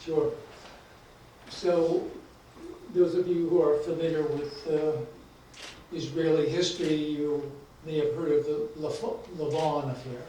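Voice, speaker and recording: Brief: male author, mellow voice, halting with fillers, heard far off in a very echoey lecture hall with faint noise. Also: a little high, fairly even intonation. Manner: hesitant, many fillers. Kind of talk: book talk and reading.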